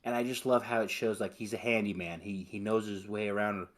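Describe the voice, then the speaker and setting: A young man on a podcast, chatting excitedly about a movie, swearing a lot and acting out lines from it. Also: lowish voice, a little fast. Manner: excited, profane, quotes movie lines in put-on voices. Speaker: podcast host. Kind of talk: casual movie chat.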